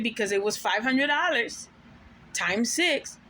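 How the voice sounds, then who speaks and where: A woman's voice: on the high side, expressive, measured pace, bright, forceful tone. A woman telling a personal story to camera in a profane, emphatic, venting way, now and then dropping Spanish slang. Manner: drops Spanish slang words. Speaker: mother of five.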